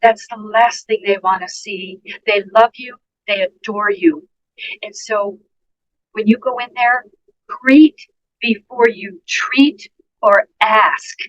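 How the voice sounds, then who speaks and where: A woman's voice: mid-range voice, fairly even intonation, slow pace, poor audio. A woman nurse, a guest on a podcast interview, giving earnest, emphatic advice and speaking directly to listeners. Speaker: guest nurse and dementia care educator.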